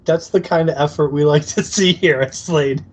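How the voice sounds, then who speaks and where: A man's voice: on the high side, moderate pace, a little mellow. A man co-hosting a casual podcast, wry and teasing, often laughing. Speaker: podcast co-host. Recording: slightly dull lo-fi audio.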